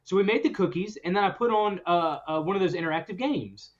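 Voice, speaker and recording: A man with a notably high voice spins a story for his podcast co-hosts, animated and breaking into laughs along the way. The recording is muffled and lo-fi. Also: quick pace. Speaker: podcast host. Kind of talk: casual storytelling chat. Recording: dull lo-fi recording.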